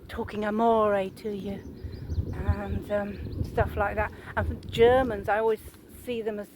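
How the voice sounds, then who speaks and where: A woman's voice: mid-range voice, level tone, measured pace, background noise. A woman, talking casually to her viewers in a rambling, chatty vlog monologue and putting questions to them. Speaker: vlogger.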